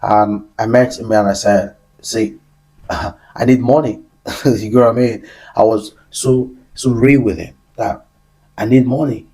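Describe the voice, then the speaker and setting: A man's voice: on the low side, steady tone, a little slow, dark tone, husky. A young man hosting a business show, telling a personal story in an earnest motivational monologue that repeats key phrases. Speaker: business podcast host.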